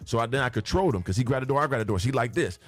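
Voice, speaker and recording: Man telling a wild story, fast and animated. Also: mid-range voice. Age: older than the hosts. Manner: vivid and profane, acts out scenes with sound effects. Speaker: guest telling his life story.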